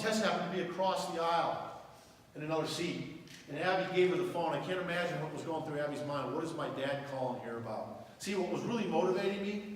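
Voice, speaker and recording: A middle-aged man with a Southern US accent speaks earnestly to a school crowd, his voice sitting a little high. He is heard from far off in a big echoey hall, with a long reverb tail and faint background noise. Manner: earnest, emotional storytelling. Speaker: guest speaker. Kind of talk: public speech to a school audience. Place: large hall.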